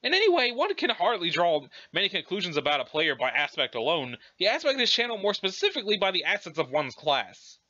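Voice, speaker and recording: A man's voice: sits high, huge pitch swings, fast, few pauses, bright, forceful tone, full character voice. A man voicing a polite, formal young alien woman with a prim, fussy manner, in a dramatic reading. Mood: earnest, explaining. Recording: dull lo-fi recording.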